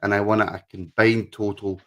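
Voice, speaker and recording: A man's voice: on the low side, little pitch movement, fairly quick, fairly bright tone. A man co-hosting a podcast, chatting casually, laughing often and reading out viewer comments. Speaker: podcast co-host. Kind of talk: casual chat.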